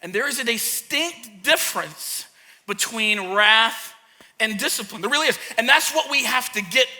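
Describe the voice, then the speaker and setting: A man who is a pastor and a parent, preaching a sermon and acting out a childhood story with lively energy. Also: extremely high pitch, normal speed. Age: young adult to middle-aged, a parent. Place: church hall. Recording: long hall reverb.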